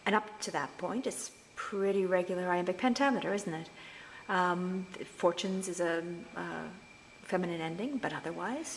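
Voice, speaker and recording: A woman's voice: lowish voice, expressive, gravelly, slight background noise. Woman lecturing on verse, echoey room. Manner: explanatory, reads quoted verse slowly and deliberately. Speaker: literature lecturer.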